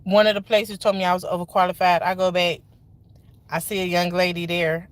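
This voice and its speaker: A woman's voice: on the low side, little pitch movement, fairly quick, no room sound. A woman in her thirties with a Georgia accent, venting casually on a livestream and repeating lines for emphasis with folksy Southern slang. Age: 30s.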